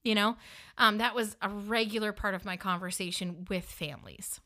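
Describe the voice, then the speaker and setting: Chatty northern us lady telling stories to camera, bright voice, lots of likes and you-knows. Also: mid-range voice, steady tone, normal speed. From northern United States. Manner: chatty, with many fillers like "like" and "you know". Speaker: funeral director telling her story. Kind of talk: casual storytelling to camera.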